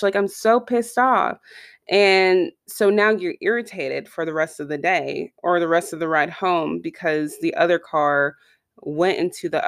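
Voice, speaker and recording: A woman's voice: low voice, no room sound, studio quality. A woman giving a casual motivational talk straight to her listeners, chatty, with frequent asides. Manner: conversational, addresses listeners directly with repeated asides.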